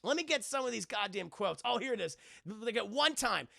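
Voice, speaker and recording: Brief: male streamer, casual profane recap, high-ish pitch, very gravelly and bright, dry sound. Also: fairly quick, dry recording. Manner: profane, excitable, talks to chat. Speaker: streamer reviewing a cartoon. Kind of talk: casual livestream commentary.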